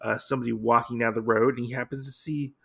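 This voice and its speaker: Podcast host guy, gravelly voice, rambly casual recap with lots of um and you know. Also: medium pitch, little pitch movement, fast talker, bright, forceful tone. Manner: rambling, filler-heavy retelling. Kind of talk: casual comic-book recap.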